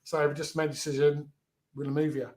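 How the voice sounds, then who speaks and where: A man's voice: a little high, flat delivery, fast, a little mellow. A middle-aged man, frankly recounting his own story as a guest in an interview, often restarting his words. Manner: frank, plain-spoken, repeats words as he restarts.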